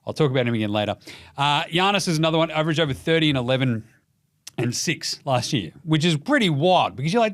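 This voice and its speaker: A young Australian man rattles off basketball takes in a loose, profane, animated way. His voice sits a touch higher than most men's, and he often slips into mocking impressions. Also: quick pace, no room sound, clean studio sound. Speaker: podcast host. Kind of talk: casual sports commentary.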